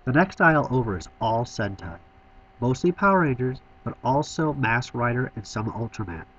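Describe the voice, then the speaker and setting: A man's voice: mid-range voice, expressive, normal speed, a bit bright, muffled recording, slight background noise. A man giving a scripted voice-over tour of a toy store, enthusiastic with wry asides.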